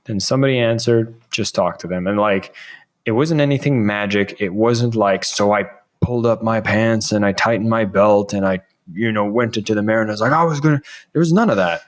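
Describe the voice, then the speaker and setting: A man in his thirties speaks as a podcast guest, in a voice pitched on the low side. He tells a casual story in an animated way, acting out the lines he once said. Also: brisk.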